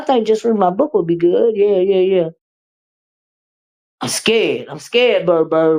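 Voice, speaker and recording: A woman hosting a livestream, reading viewer comments and chatting with them in an animated, teasing way. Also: fairly low pitch, measured pace. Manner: animated, teasing, with repeated "uh-uh" and laughter. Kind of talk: casual chat with viewers.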